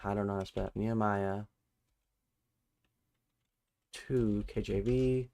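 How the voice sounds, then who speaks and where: A man hosting a live-streamed Bible study, thinking out loud, correcting himself mid-sentence and reading scripture aloud while he looks up verses. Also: fairly low pitch, steady tone, gravelly, smooth. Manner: halting and self-correcting, restarts numbers while looking up verses; reads scripture and viewer chat aloud.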